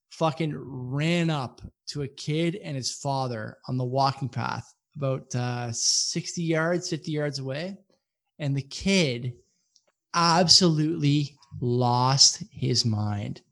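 A man casually telling a rambling, profane story to friends on a podcast, animated and full of asides. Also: fairly high pitch.

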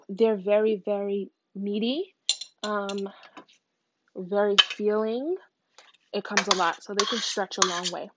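A woman's voice: medium pitch, dull audio, noisy background. A young woman from the southern United States, chatting casually while cooking, rambling with playful asides. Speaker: cooking vlogger. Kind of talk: casual cooking chat to camera.

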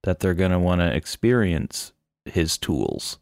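Low-voiced joking podcast man. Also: a little slow, darkish tone, no room sound, clean studio sound. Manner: playful, joking. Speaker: podcast co-host. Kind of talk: casual film-discussion chat.

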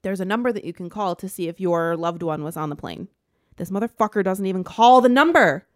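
A woman co-hosting a casual chat, retelling a book plot as an animated rant that is full of swearing. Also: mid-range voice, brisk, no room sound, studio quality. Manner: animated ranting storyteller, swears freely.

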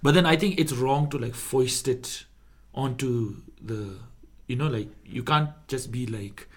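A man's voice: medium pitch, unhurried. A man talking casually and at length, giving his opinions with many fillers. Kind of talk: casual chat.

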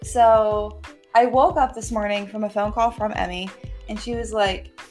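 A woman's voice: mid-range voice, fairly even intonation, a little slow, darkish tone. Young woman, casual podcast chat, rambling storyteller, faint music behind. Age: young adult. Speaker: podcast co-host.

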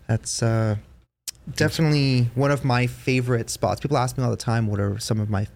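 A man's voice: medium pitch, fairly even intonation, brisk, creaky, a little mellow. Rambling man telling a ghost story. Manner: rambling, lots of fillers and restarts. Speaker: podcast host. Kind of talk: casual storytelling chat.

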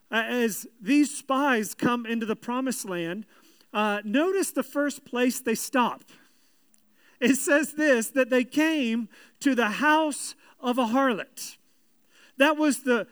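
A man's voice: very high-pitched, fairly bright tone, clear, resonant tone, no room sound. A man preaching a sermon, reading scripture aloud and then expounding on it earnestly, with restarts and emphasis. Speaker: pastor.

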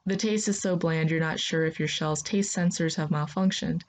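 A woman narrates a science-fiction tale addressed to the listener as "you". Her voice sits lowish and her delivery is calm and steady. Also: moderate pace, slight background noise. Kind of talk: second-person story narration.

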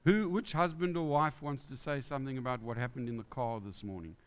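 A man's voice: medium pitch, fairly quick. A man preaching a conversational sermon in church, asking the congregation questions. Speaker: pastor.

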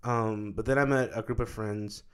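A man's voice: on the low side, fairly even intonation, moderate pace, smooth. Loose, swearing male storyteller. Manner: loose and profane, many likes and rights. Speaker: filmmaker guest. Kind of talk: casual comic storytelling.

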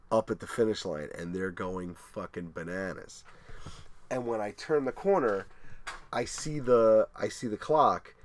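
Profane, animated man telling a story. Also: fairly low pitch, a little hiss or hum. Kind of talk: casual storytelling chat.

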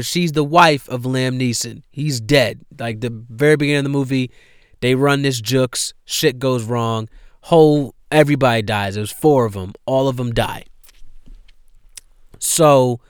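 Smooth-voiced man giving a casual movie recap. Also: medium pitch, dry recording, studio quality. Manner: profane, animated storytelling with quoted dialogue. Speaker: movie reviewer.

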